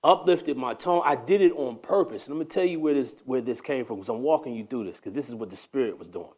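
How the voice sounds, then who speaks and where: A man hosting a casual faith talk, telling a story with animated energy that slides into preaching. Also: mid-range voice, fast. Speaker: host.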